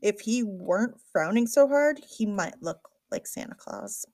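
A woman narrating a first-person audiobook with a lively, wry storytelling manner. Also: medium pitch, measured pace, no echo.

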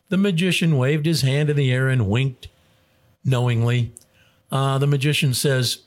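A man's voice: medium pitch, normal speed. A man hosting a radio show, telling jokes in a casual, chuckling way. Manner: animated joke-telling with voices and chuckles. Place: radio studio.

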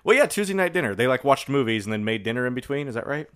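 A podcast co-host trades jokes in relaxed, casual chat and laughs often. The voice is bright and clear, with a lot of pitch movement. It sits around the middle of the pitch range. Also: very fast.

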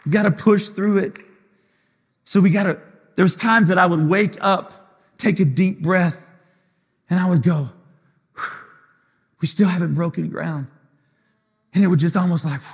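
Impassioned high-voiced preacher man. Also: moderate pace, long pauses, slightly rough. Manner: impassioned, repetitive preaching with sung, rising phrases. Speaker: lead pastor. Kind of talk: live sermon. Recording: long hall reverb.

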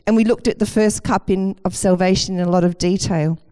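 A woman's voice: mid-range voice, steady tone, fairly quick, mellow, clear, resonant tone. A woman preaching a sermon with enthusiasm and a light self-deprecating humour.

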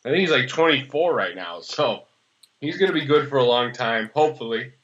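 Bright-voiced young man, sarcastic sports chat. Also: mid-range voice, expressive. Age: early 20s. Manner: rambling, sarcastic, quick to laugh. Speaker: podcast co-host. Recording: slightly dull lo-fi sound.

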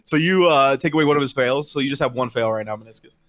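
A man's voice: medium pitch, quick pace, fairly bright tone. A man narrating as game master in a casual, filler-heavy way.

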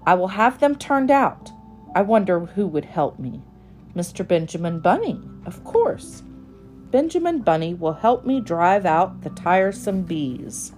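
A woman's voice: lowish voice, sing-song, a little slow, a little mellow, faint music behind. A woman voicing a fussy, tidy little female mouse who talks in a prim, scolding way. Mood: brisk.

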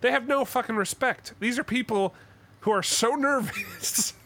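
A Canadian man co-hosting a podcast tells stories in casual chat, breaking into heated, profane rants. His voice is very high and sharp-toned, at a moderate pace.

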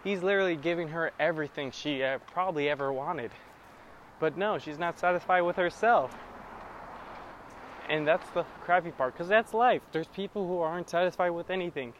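A man's voice: on the high side, brisk, a bit bright, lo-fi sound, slight background noise. A man hosting a casual solo podcast, rambling with lots of swearing about music and daily annoyances. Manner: profane, rambling, scats and sings improvised blues. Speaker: podcast host.

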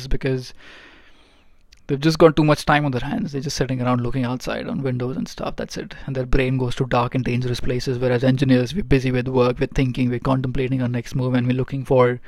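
A man's voice: medium pitch, flat delivery, fairly quick, a little mellow, dry recording, studio quality. A man who works as a ship's engineer, telling stories from aboard in a rambling, casual way with many fillers and restarts. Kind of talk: casual storytelling vlog. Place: aboard a ship.

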